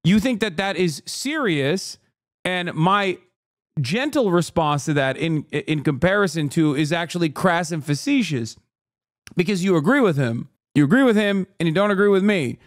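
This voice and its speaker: A man from Turkey, a streamer reacting to a video, ranting in a fast, profane, indignant way. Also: high-pitched, animated, dry recording, clean studio sound. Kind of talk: heated live-stream commentary.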